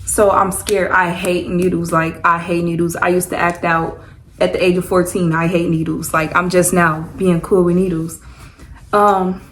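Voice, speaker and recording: A woman's voice: lowish voice, little pitch movement, moderate pace, slight background noise, poor audio. A young woman telling a personal story to her viewers in a loose, rambling, chatty way. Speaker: vlogger. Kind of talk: casual storytime chat.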